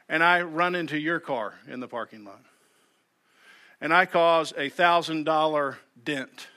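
Male pastor, sermon read, bright and forceful, slightly high voice, earnest, restarts his phrases. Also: moderate pace. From United States. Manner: earnest, repeats words when starting sentences.

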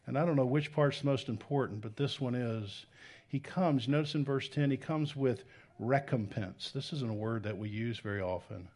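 A man in his thirties preaching a sermon as pastor, animated, rising to loud emphasis and dropping to soft, intimate tones. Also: medium pitch.

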